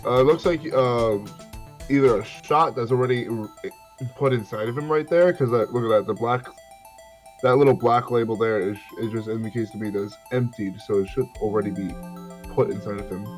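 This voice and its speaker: A man's voice: mid-range voice, brisk, soft background music. Man thinking aloud during a game. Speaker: game player voicing characters. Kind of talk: casual let's-play chat.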